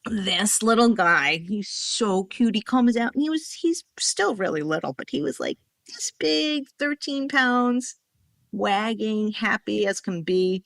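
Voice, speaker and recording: Bright-voiced animated woman telling a story. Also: medium pitch, unhurried, vocal fry, no room sound. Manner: animated, rambling, acts out quoted dialogue. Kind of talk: casual storytelling in a podcast conversation.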